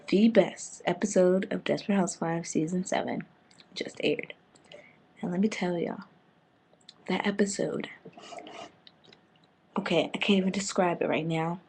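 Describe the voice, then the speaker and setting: A woman excitedly recapping a TV episode in casual slang, breaking into loud outbursts. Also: lowish voice, slight background noise. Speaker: TV fan reviewer.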